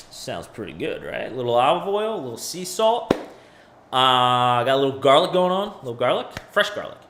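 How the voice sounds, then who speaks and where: A man's voice: medium pitch, a bit bright. Chatty man hosting a crypto chart stream. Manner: chatty, talks to viewers, thinks aloud with fillers. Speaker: crypto livestream host. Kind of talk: casual livestream chart analysis.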